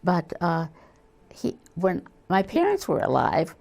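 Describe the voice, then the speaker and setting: An older woman novelist in a casual interview, telling stories in a lively way and acting out the voices of the people in them. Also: fairly low pitch, slow pace, creaky. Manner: animated storyteller, acts out quoted voices. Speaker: novelist guest.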